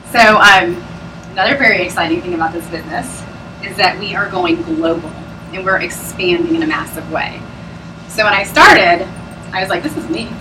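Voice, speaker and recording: Presenting at a business opportunity meeting, a woman with a medium-pitched voice gives a sales pitch to a live audience. She's chatty and bubbly, laughing often, recorded on a distant mic with background noise.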